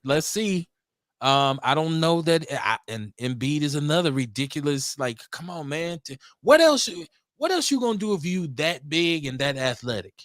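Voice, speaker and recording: A man on a casual sports talk show, animated and joking, often repeating himself. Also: a little high, moderate pace, no room sound, clean studio sound.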